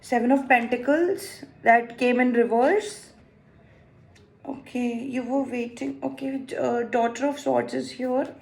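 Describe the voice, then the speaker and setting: Slow, high-voiced woman reading tarot. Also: fairly even intonation, creaky, darkish tone. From India. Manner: emotive and exclaiming, thinking aloud. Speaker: tarot reader. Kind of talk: tarot card reading to viewers.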